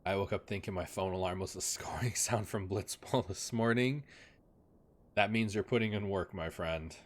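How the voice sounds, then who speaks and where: A man's voice: on the low side, normal speed. A young man chatting casually on a live game stream at his desk at home, rambling with lots of fillers and talking sweetly to his dogs.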